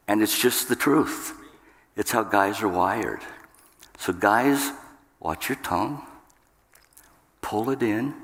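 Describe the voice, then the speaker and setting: Deep, slow-speaking man preaching a sermon. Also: creaky, fairly bright tone. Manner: emphatic, jumps up in pitch for acted outbursts. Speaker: pastor. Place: church sanctuary. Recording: long hall reverb.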